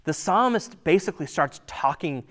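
A man's voice: fairly high pitch, lively intonation, moderate pace, a bit bright. A man preaching a sermon in a conversational way, full of rhetorical questions and sometimes dropping to a near-whisper for emphasis. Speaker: pastor.

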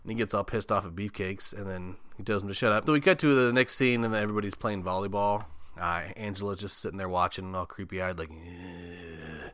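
A man's voice: lowish voice, fast, a bit bright, clean tone, no echo. A man giving a casual, joking recap of a movie, swearing freely and acting out the characters' lines. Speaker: podcast host.

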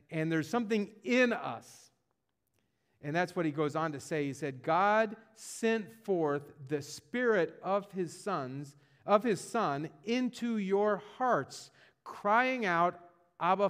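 A man preaching a sermon in a conversational way, often repeating words and restarting, and rising with feeling as he speaks. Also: fairly high pitch. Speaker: pastor.

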